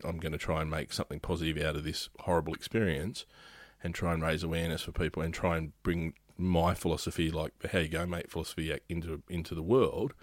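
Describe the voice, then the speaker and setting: A very low-pitched Australian man hosting a podcast, chatting loosely and laughing often. The sound is dry and close, with no room around it. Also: steady tone, fast, no room sound. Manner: rambling, restarts often, laughs easily. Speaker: podcast host. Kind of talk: casual podcast chat.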